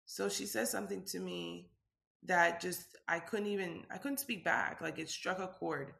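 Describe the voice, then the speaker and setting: Bright-voiced woman telling a personal story. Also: on the low side, normal speed, vocal fry, reverberant. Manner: open and conversational, frequent "like" fillers. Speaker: vlogger.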